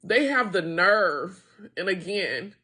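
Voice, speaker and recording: A woman's voice: lowish voice, lively intonation, takes it slowly, sharp tone, slightly rough. An American woman who owns a wine tasting room, venting to her viewers in a frustrated, emotional rant about being denied a grant. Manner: upset, frustrated, venting with profanity. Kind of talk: emotional direct-to-camera rant.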